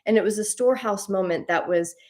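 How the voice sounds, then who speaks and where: A woman's voice: mid-range voice, quick pace, a little mellow. A woman hosting a spiritual series, telling a personal story casually, rambling with frequent restarts and laughs. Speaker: host of a spiritual journey series.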